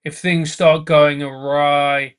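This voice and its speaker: A man's voice: on the high side, flat delivery, takes it slowly, a bit bright, clear, resonant tone. A male comedian guest in casual podcast chat, talking earnestly and repeating phrases for emphasis.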